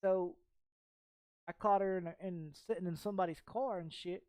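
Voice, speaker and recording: A man's voice: sits high, fairly even intonation, normal speed, a little mellow, no room sound, clean studio sound. A man telling a personal story in casual chat while streaming a game, profane and rambling with frequent repeats.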